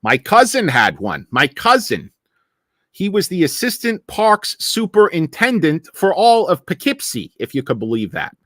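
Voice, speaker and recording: A man's voice: on the high side, big pitch swings, a little slow, fairly bright tone, no echo, clean studio sound, pitched above the performer's own voice, exaggerated voice. A man voicing a rambling, boastful man with a put-on Northeastern US accent who repeats himself. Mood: bragging. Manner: repetitive, chatty, self-impressed.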